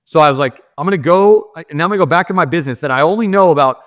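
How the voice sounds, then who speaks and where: A man's voice: on the high side, very fast, a bit bright, dry recording, clean studio sound. A man, a podcast guest, telling a personal story in candid, casual talk full of "like" fillers.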